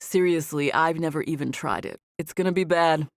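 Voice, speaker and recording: A woman voicing an easygoing, quietly confident young male star in an audiobook. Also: low-pitched, normal speed, vocal fry, no echo, clean studio sound. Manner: relaxed, quietly assured.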